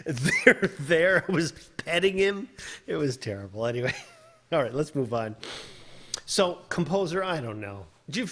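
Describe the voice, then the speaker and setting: A man, a composer giving casual feedback on listener submissions, rambling and swearing, laughing often and restarting his sentences. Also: mid-range voice. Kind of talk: casual livestream critique.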